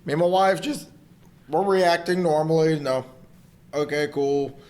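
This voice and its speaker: Blunt, fairly high-voiced man. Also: normal speed, a little mellow. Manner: blunt, opinionated, swears casually. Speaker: podcast co-host. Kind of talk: casual movie review chat.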